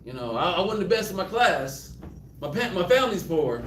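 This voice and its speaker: Lively high-voiced Southern man teaching scripture. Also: fairly quick, slight background noise. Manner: animated, acts out prayers, laughs often. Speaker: Bible teacher. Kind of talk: interactive Bible study teaching. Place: room with a live group. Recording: roomy, mic at a distance.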